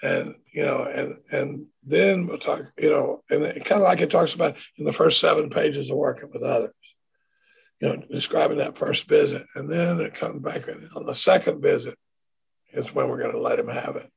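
A man with a gravelly, husky voice that sits fairly high for a man. He tells stories casually and acts out the people he quotes. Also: normal speed. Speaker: recovery speaker. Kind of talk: conversational storytelling.

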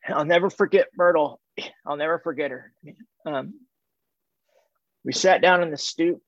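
A middle-aged man from California, his voice on the high side, gives a candid recovery testimony to a group with no echo in the room. Phrases recur and sentences restart haltingly, and the recording sounds dull, dry and muffled.

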